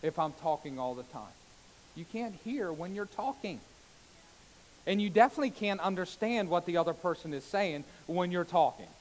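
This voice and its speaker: A man preaching a sermon as a pastor, swinging between loud exclamations and hushed soft passages, with calls of amen and hallelujah. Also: high-pitched, lively intonation, moderate pace, slight background noise, rough recording. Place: church sanctuary.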